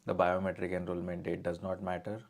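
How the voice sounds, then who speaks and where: A man's voice: sits low, little pitch movement, fairly quick. A man answering viewer questions on a live stream as an immigration adviser, reading each one out and then answering plainly and directly.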